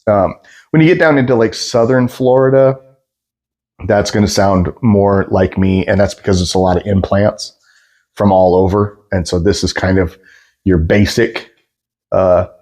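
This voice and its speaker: A man's voice: lowish voice, normal speed. A man from the Pacific Northwest with a general American accent, chatting casually with many fillers as he reacts to a video. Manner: relaxed, explains at length with many fillers. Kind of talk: casual commentary.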